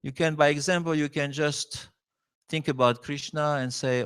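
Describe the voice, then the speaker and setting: A visiting spiritual teacher, a man, gives a devotional lecture in non-native English, pausing often and checking in with "huh?". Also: a little high, fairly even intonation, fairly bright tone, clean tone. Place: temple hall.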